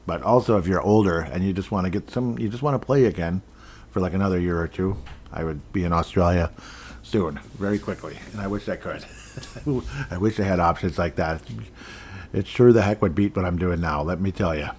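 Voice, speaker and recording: A man's voice: low-pitched, a little fast, a little mellow, husky. A man hosts a casual sports podcast from home. He rambles and jokes along, with frequent chuckles. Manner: rambling, jokey, chuckles often. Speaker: podcast host.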